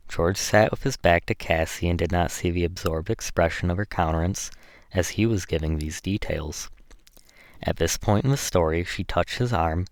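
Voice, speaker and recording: A man narrating a classic novel as an audiobook, reading in a measured way with small slips. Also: sits low, no room sound.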